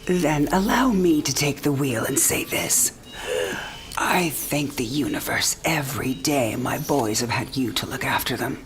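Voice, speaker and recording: A woman's voice: rumbling low, lively intonation, unhurried, slight background noise. An actress playing a dying old woman who talks frankly, teasing and tender by turns. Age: older. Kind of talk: game cinematic voice acting.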